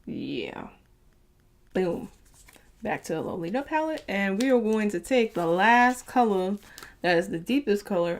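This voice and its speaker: A woman's voice: mid-range voice, lively intonation, unhurried. A chatty young woman, talking through a makeup tutorial with frequent fillers and laughs. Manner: chatty, upbeat, laughs often, lots of fillers. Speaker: beauty vlogger.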